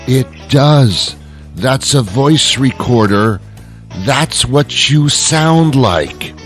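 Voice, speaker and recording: A man's voice: mid-range voice, expressive, very slow, faint music behind. A male radio show host delivering a comedic, rambling monologue with sarcastic, mock-boastful asides.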